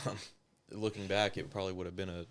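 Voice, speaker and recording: A man's voice: deep voice, little pitch movement, fairly quick, fairly bright tone, a little hiss or hum. A man, a former police officer, telling his story as an interview guest in loose, casual talk full of filler words and swearing. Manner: loose and profane, heavy use of filler words.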